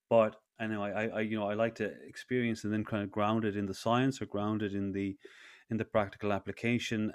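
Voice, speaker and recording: A man's voice: on the low side, clean tone. A man in his thirties, a breathwork facilitator, telling a personal story in a casual interview with many restarts. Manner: rambling with frequent restarts.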